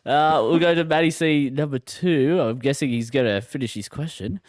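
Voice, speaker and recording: Man, podcast host, relaxed casual chat, dry close sound. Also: a little high, fairly quick, no echo. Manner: laughing often, relaxed.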